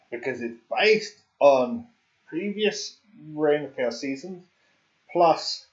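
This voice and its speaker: Guy rambling on a game livestream, cracks jokes, muffled lo-fi mic. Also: medium pitch. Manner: rambling, joking, laughs at himself. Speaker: game streamer. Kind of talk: casual livestream chat.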